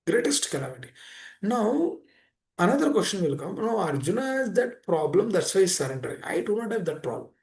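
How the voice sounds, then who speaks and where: A man's voice: high voice, big pitch swings, brisk, a little mellow. A man giving an earnest sermon, often repeating phrases and asking rhetorical questions. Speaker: speaker giving a scripture class.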